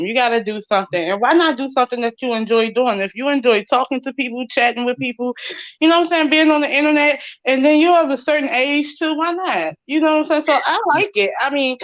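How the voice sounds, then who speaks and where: Relaxed woman co-host, thirties, casual chat, dull dry lo-fi audio. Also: high-pitched, quick pace, no room sound. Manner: relaxed, laughs often, says "you know what I'm saying".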